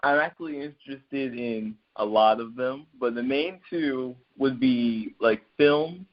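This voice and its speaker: A teenage boy guest in a casual video-call interview, soft-spoken, polite and laid-back. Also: mid-range voice, unhurried, lo-fi sound.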